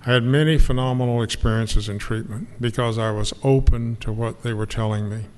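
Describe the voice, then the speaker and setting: A man's voice: medium pitch, fairly even intonation, fairly quick. An older man giving an earnest, emotional personal testimony about his recovery to an audience. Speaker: speaker sharing recovery story. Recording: long hall reverb, faint noise.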